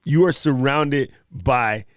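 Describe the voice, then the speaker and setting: A man's voice: mid-range voice, takes it slowly, no echo, clean studio sound. A man hosting a live stream Q&A, chatting casually and animatedly with viewers in slang. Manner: animated, slangy, talks straight to chat viewers.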